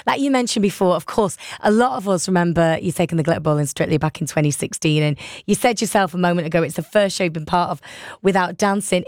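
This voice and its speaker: A woman's voice: medium pitch, no echo, clean studio sound. A woman interviewer asking questions with gushing enthusiasm and laughing along with her guest. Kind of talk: casual interview chat.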